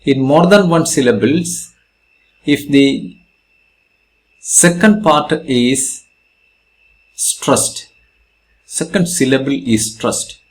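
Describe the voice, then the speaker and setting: A man with an Indian English accent teaching a grammar lesson, slowly repeating examples and stressing syllables. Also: mid-range voice. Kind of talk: grammar lesson explaining spelling rules.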